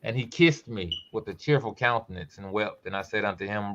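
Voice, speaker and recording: A man hosting a podcast who reads a scripture text aloud slowly and emphatically, breaking off for casual asides. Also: lowish voice, fairly bright tone, dull audio. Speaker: podcast host.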